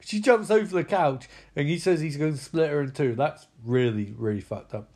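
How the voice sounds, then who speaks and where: Man, high voice, excitable, swearing, casual film recap. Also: moderate pace, breathy edge. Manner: excitable and profane, frequent exclamations.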